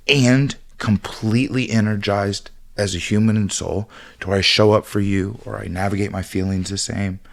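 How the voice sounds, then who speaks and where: A man's voice: on the low side, creaky. A man talking candidly as a coach on a podcast, intense and blunt, swearing freely. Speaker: high-performance coach.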